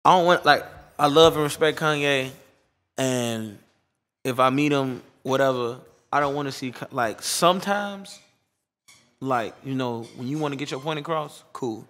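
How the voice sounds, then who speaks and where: A man who works as a DJ, talking casually in an interview, laid-back and slangy, getting animated when he mimics people. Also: mid-range voice, normal speed.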